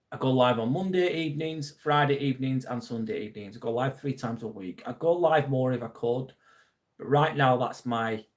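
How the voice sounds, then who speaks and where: A man from England with a Lancashire accent, hosting a live stream in casual chat, reading viewer comments aloud and answering earnestly with the odd swear. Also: mid-range voice. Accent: Lancashire English. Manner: earnest, supportive, swears now and then.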